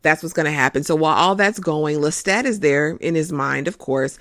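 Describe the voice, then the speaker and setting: A host giving a casual, expressive recap of a TV episode, calling listeners "honey" as they go. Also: mid-range voice, brisk, dry recording, studio quality.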